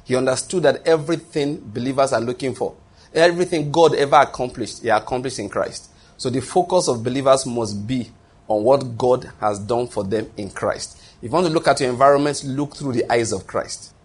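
A man delivers a sermon in a slightly husky, mid-range voice. He stresses key phrases by repeating them, breaks off and restarts sentences, and checks in with his listeners through rhetorical questions. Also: mid-range voice, brisk. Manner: repetitive, emphatic, with frequent restarts and rhetorical questions. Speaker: pastor.

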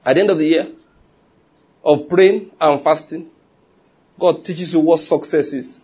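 A middle-aged man preaching a sermon, telling stories with animated quoted voices and frequent laughs. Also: on the high side, unhurried, slightly rough. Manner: animated storytelling, laughs often, acts out quotes. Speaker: pastor.

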